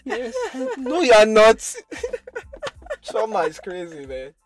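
A podcast host talking casually and reacting with animated laughter. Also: mid-range voice, slow, over music. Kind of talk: casual chat.

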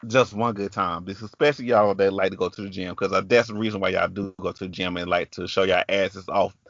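A man's voice: deep voice, fairly even intonation, brisk, gravelly, a bit bright, no room sound, lo-fi sound. A man with a Southern US country accent hosting a podcast, telling a story in casual chat. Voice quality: chatty, storytelling with quoted voices. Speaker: podcast host.

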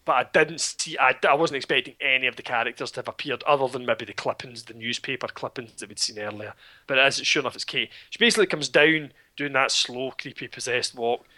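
A man's voice: mid-range voice, fast. A Scottish man retelling a film plot in casual chat, sardonic and swearing freely. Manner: sardonic, swearing, animated storytelling.

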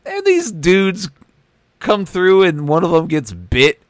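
A man co-hosting a casual movie podcast, rambling along with restarts and the odd curse. His mid-pitched voice rises and falls expressively. The recording is dry and close. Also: huge pitch swings, slow, dry recording. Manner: rambling, with frequent restarts and swearing. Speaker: podcast co-host. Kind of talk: casual movie review chat.

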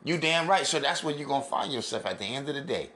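A man's voice: mid-range voice, animated, fast talker, pushed and bright, reverberant. A man giving a scornful, preachy rant as he reacts to clips for his viewers. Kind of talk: ranting video commentary.

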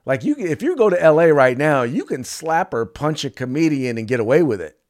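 A man's voice: a little high, a little fast. A man co-hosting a podcast, joking and telling stories in casual chat. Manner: joking, animated storytelling. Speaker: podcast co-host.

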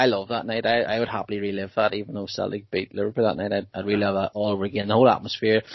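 A young man telling football stories in a casual podcast chat, animated and laughing often. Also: on the low side, no room sound. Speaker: podcast co-host. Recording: dull dry podcast mic.

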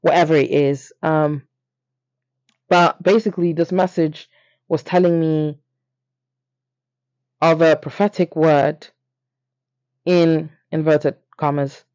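A young man, casually telling a story on his podcast, animated and playful, jumping up in pitch for emphasis. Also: slow pace, pauses often, dry recording. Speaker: podcast host. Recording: dry, slightly dull lo-fi.

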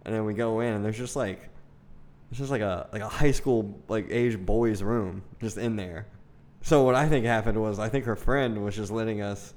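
A man's voice: on the low side, moderate pace, darkish tone. A young man casually telling a crude story, peppered with "dude" and "like". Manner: crude, laid-back storytelling with lots of "dude" and "like". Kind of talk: casual chat.

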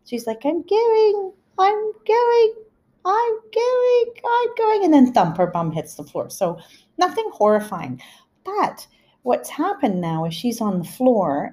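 A middle-aged woman with a slightly low voice hosts a podcast and tells family stories in a casual way. She talks in a chatty manner with laughing asides, speeding up and slowing down as she goes. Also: darkish tone. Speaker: podcast host. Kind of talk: casual storytelling.

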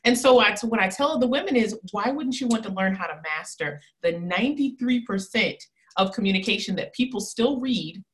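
A woman who coaches women in body language and communication, talking in a casual interview with emphatic, animated delivery and frequent laughter. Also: medium pitch, fairly quick, few pauses.

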